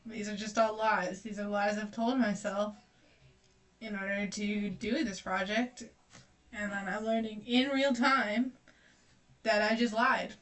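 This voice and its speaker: A woman's voice: medium pitch, fairly even intonation, unhurried, fairly bright tone. A young woman streamer chatting casually while she paints, rambling, self-deprecating and swearing freely. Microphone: distant mic. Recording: voice distant from the mic.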